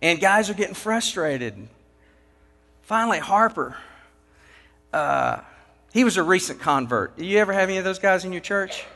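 A man's voice: sits high, expressive, moderate pace, long pauses, bright, forceful tone. A man preaching a sermon, telling a folksy work story with casual, down-to-earth phrasing. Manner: folksy storytelling with acted quotes. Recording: long hall reverb.

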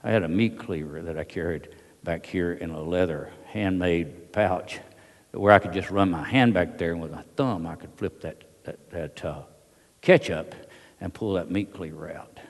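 Old guy, real deep voice, folksy rambling war story, big echoey hall. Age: older. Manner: folksy, halting, with many fillers. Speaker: veteran speaker. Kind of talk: storytelling speech to an audience. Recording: long reverb of a large hall.

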